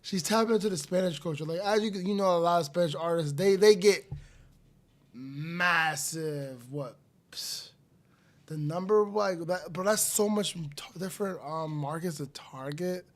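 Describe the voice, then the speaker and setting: A man's voice: high-pitched, a little slow. Hyped young male streamer reacting. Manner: hyped, slangy, loud outbursts and laughter. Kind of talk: live music reaction stream.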